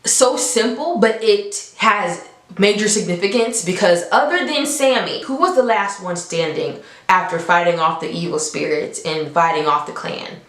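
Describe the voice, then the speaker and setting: A young adult woman with a mid-range voice reviews a film at a moderate pace, telling it like an animated, casual story and often laughing between points. The room sounds echoey.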